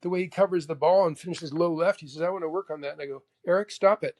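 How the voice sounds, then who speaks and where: A man in his sixties from Canada, a guest telling animated anecdotes and acting out both sides of old conversations. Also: on the high side, fast. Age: 60s. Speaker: guest, golf professional. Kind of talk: casual storytelling chat.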